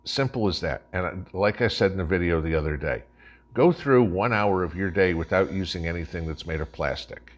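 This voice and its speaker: Scornful low-voiced man ranting. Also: moderate pace. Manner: scornful, ranting, keeps adding "okay?". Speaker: host. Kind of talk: opinionated commentary.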